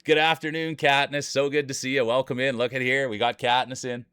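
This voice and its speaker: A man's voice: medium pitch, little pitch movement, brisk, pushed and bright, clean tone, no echo, studio quality. Upbeat male streamer calling marble races. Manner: upbeat, greets chat viewers by name, hypes race finishes. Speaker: streamer and race commentator. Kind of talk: live-stream play-by-play commentary.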